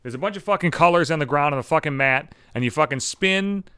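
Man, podcast host, profane sarcastic rant, smooth clear voice, somewhat high. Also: lively intonation, fast, bright, forceful tone, no room sound, clean studio sound.

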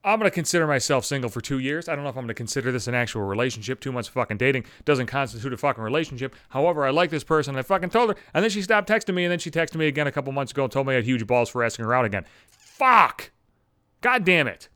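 Racing along with few pauses, a Buffalo-area podcast host in his thirties vents in a profane, sarcastic, exasperated casual monologue. His mid-range voice is smooth and fairly bright, with no room sound in the recording.

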